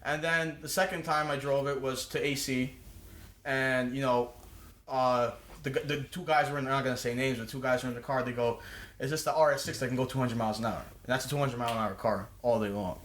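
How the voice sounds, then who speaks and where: Fast-talking man spinning a profane story. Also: medium pitch, fairly even intonation, a bit bright, a little hiss or hum. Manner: profane, rambling, many restarts. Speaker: podcast guest. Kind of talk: casual storytelling. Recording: roomy echo.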